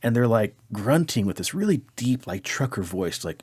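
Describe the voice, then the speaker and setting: A man co-hosting a podcast, telling a dream story in a casual, animated way, with his voice jumping up when he quotes people. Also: lowish voice, brisk, no echo, clean studio sound. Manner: animated, acts out quotes in a raised voice. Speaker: podcast co-host.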